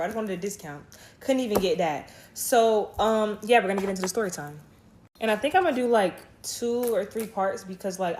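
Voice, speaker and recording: A woman's voice: on the low side, a little hiss or hum. A woman chatting straight to her viewers as she starts a story time. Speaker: vlogger. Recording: roomy room echo.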